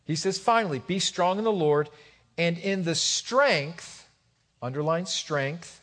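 Emphatic preaching man, high voice. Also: animated, takes it slowly. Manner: emphatic preaching, swings between loud high exhortation and quiet asides. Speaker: pastor. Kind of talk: sermon.

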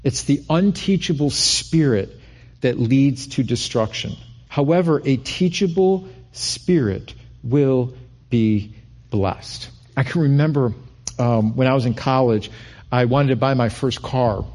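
A middle-aged man delivers a sermon with a slightly husky voice. He talks in a loose, conversational way, stumbling into restarts, then climbing in pitch to press a point home. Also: a little slow, a little mellow. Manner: conversational preaching with repeated restarts and rising emphasis. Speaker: pastor.

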